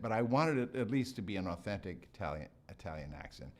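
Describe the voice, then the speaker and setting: A man's voice: on the low side, animated, a little fast, few pauses. A male actor recounting anecdotes in an interview, chuckling as he talks. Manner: chuckles while telling stories. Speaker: actor interviewed about a film role.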